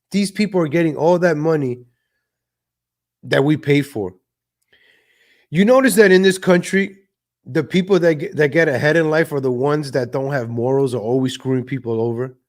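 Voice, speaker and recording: A man's voice: on the high side, moderate pace, darkish tone. A man hosting a livestream political commentary show, ranting and sarcastic with many fillers. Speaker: show host.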